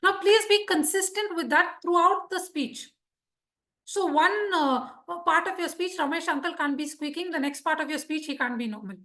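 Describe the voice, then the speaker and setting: A woman teaches public speaking to a live club, her voice high and bright with a husky edge. She keeps a lively, teacherly rhythm and keeps checking that her listeners follow. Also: normal speed. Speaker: Toastmasters speaker teaching speech craft. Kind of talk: live instructional talk to a club.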